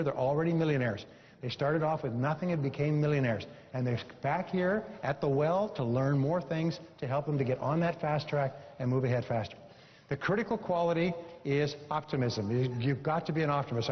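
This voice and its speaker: A man speaking from a seminar stage, emphatic and repetitive, telling a story to drive home a point. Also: on the high side. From Canada. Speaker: motivational speaker. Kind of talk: seminar talk with a told joke. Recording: dull recording in a large hall.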